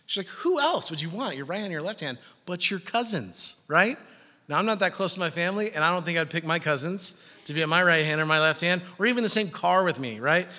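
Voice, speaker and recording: A man's voice: high voice, quick pace. A middle-aged man preaching a sermon as a pastor, joking and telling stories and acting out the voices of the people he quotes. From California. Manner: animated, joking storyteller, acts out quoted voices. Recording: long hall reverb.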